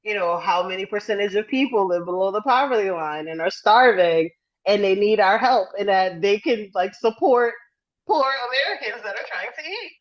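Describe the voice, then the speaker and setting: A woman co-hosting a casual podcast chat, telling a story with lively acted-out quotes and frequent hedging. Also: medium pitch, normal speed, lo-fi sound. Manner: animated storyteller acting out quotes, hedges often. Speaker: podcast co-host.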